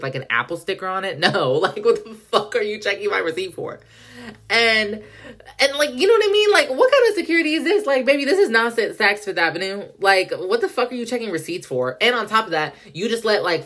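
Young woman on her podcast, cussing a lot, kinda low voice, slangy storytime rant. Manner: profane, animated, dramatic retelling; heavy slang, filler 'like'. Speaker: podcast host.

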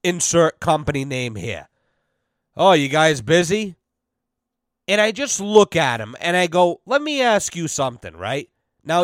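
A man's voice: on the high side, dry recording, studio quality. Blunt, cursing man ranting. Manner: blunt, cursing, exasperated storytelling with quoted voices. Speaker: podcast host. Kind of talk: casual profane podcast rant.

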